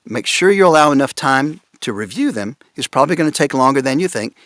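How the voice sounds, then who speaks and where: Animated man on a casting panel. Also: medium pitch, fast, no room sound, studio quality. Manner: animated, laughing, reads out examples with amused disbelief. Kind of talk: conference panel talk. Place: conference room.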